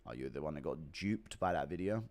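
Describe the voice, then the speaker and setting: Brisk and expressive, a young man with a very deep, darkish voice livestreams while casually reading donations aloud. His rambling chat is full of sarcasm and profanity.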